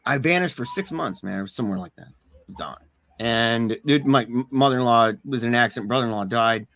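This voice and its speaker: A man's voice: medium pitch, animated, fairly quick, fairly bright tone, no room sound. A man co-hosting a casual podcast, talking earnestly and animatedly, often laughing and repeating himself. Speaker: podcast co-host.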